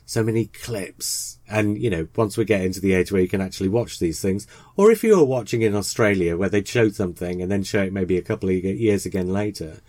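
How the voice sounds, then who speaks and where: A man hosting a podcast, reading a scripted introduction and then chatting with a co-host in a measured, reflective way. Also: sits low, a little mellow, no room sound. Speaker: podcast host and series editor.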